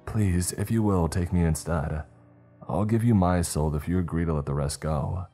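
Dim but kind scout leader yelling at the kids , guy doing the voice. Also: sits low, normal speed, faint music behind. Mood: pleading. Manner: shouting urgently, pleading. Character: earnest, slow-witted adult scout leader.

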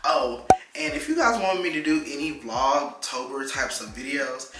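A young man rambles through a casual vlog, slangy and chatty, now and then leaping up in pitch. The sound is roomy and echoey. Loud music runs under his talk. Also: expressive, normal speed. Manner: chatty, loose and slangy, with abrupt jumps up in pitch. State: out of breath. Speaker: vlogger.

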